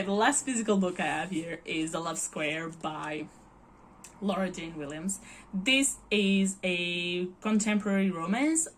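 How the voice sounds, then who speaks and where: A woman's voice: medium pitch, fairly bright tone, slight background noise. A Portuguese woman in her early twenties, a native Portuguese speaker, chatting casually and gushing with giggles as a book vlogger. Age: early 20s. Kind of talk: casual chat.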